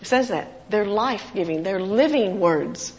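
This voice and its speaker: Female preacher, storytelling sermon, mid pitch, slightly muffled audio with long hall reverb. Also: expressive, moderate pace. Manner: storytelling with acted quotes, warm chuckles.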